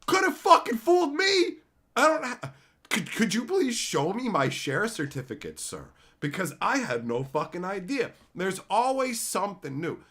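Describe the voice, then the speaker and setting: Animated, foul-mouthed male stream host. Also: high voice, moderate pace, breathy edge. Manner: profane, sarcastic, animated ranting. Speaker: livestream host reading chat. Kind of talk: casual ranting commentary.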